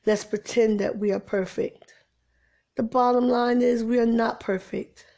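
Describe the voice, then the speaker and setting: Woman preacher, slightly high voice, informal impassioned sermon, soft near-whispered asides. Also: fairly even intonation, unhurried, vocal fry. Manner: preachy, rising to exasperated emphasis, drops to soft near-whispers.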